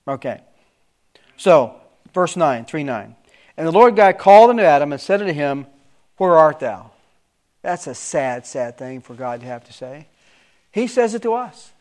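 A middle-aged man preaching a sermon with emphatic rises and sudden soft asides. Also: on the high side, sing-song, moderate pace, long pauses.

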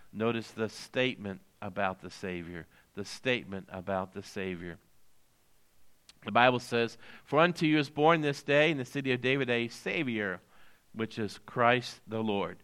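A man preaching a sermon as pastor, slowing down on scripture quotes and swinging between loud emphatic lines and low, quiet ones. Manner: slows down to stress scripture quotes.

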